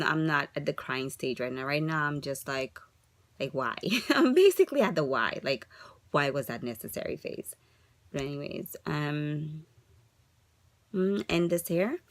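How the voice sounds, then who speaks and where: Woman, thirties, low husky-fry voice, upset but composed, confessional vlog. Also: dry recording. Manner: frustrated, rambling, rhetorical questions. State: upset, holding herself together. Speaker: vlogger sharing a fertility journey update.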